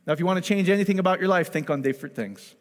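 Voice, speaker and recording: A man preaching in a loose, animated way, his voice sitting a little higher than most men's. He keeps asking the room whether they follow him. His voice trails off into the long reverb of a church hall. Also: very fast. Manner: animated, keeps checking in with the audience. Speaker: pastor. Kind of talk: conversational sermon to a congregation.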